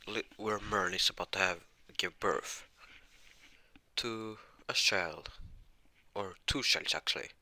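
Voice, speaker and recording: Low-voiced guy making up a fan story as he goes, lots of restarts, bright edgy tone, dry sound. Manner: halting, many restarts and self-corrections. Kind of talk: improvised fan-fiction narration.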